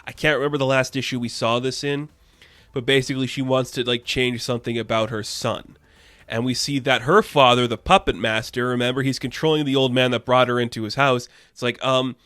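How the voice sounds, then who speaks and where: A man's voice: mid-range voice, steady tone, a little fast, fairly bright tone, no echo, faint music behind. A young man casually recapping and reviewing a comic book issue, chatty and full of fillers. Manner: chatty, lots of fillers and quoted voices.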